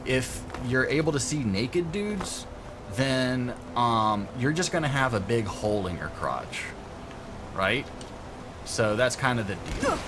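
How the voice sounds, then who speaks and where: A man's voice: medium pitch, big pitch swings, takes it slowly, background noise. A young adult man chatting casually on a game stream, rambling through stories and laughing often. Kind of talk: casual gameplay stream chat.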